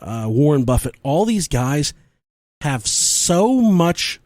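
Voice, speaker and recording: His voice sits a little high and he talks slowly over a dry, studio-quality recording. As one of the co-hosts on a casual podcast, he's a profane, animated storyteller who performs the quotes of the people in his tales.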